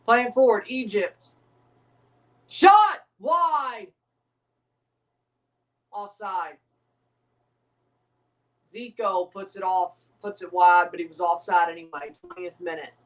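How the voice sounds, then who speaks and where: A woman's voice: mid-range voice, slow pace, long pauses, distant mic, poor audio. A woman hosting a live watchalong stream, rambling and joking in casual commentary while reading out viewer chat. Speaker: livestream host.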